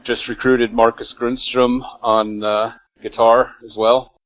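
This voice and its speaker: A man's voice: medium pitch, level tone, slow, a bit bright, no echo, low-quality recording. An American man, a musician guest, chatting casually in an interview, laid-back with plenty of fillers and laughs. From United States.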